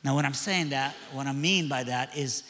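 A man's voice: mid-range voice, normal speed, pushed and bright. A man preaching a sermon, telling a story in a conversational way with frequent restarts. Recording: echoey hall.

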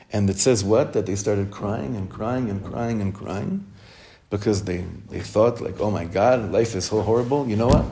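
Teaching Torah to a class of women, a rabbi speaks in a warm, creaky, lowish voice over slight background noise. He is heartfelt, questions his listeners and then supplies the answers, repeats phrases for emphasis and weaves Hebrew words into English.

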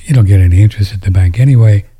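Male host, low husky tone, loose rambling delivery with hushed asides. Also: rapid-fire. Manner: rambling, with frequent restarts and drops into near-whispers. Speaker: host answering viewer questions. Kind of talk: casual monologue.

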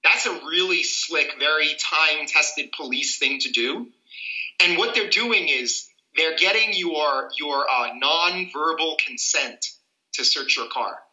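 A man explains legal rights on a podcast with earnest energy, acting out little scenes as he goes. His voice is very bright and sits a little high. The room around him rings with echo. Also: takes it slowly. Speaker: civil rights attorney, guest.

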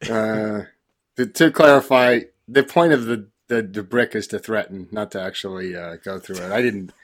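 A man's voice: on the low side, normal speed. A man hosting a podcast, ranting in an exasperated, joking way. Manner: ranting, exasperated complaining with laughs. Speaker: podcast host. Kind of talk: casual chat.

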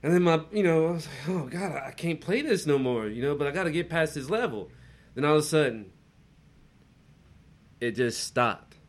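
Animated man telling party stories. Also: normal speed. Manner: animated storyteller, jumps into high voices when quoting people. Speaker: podcast host. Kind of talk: casual storytelling chat.

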